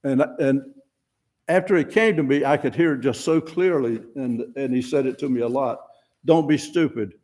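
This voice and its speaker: An older man serving as a lay speaker offers an informal, down-home sermon at a fellowship service. His voice has medium pitch, normal speed, and a slightly mellow quality, and he is self-deprecating and plain-spoken, restarting his words often.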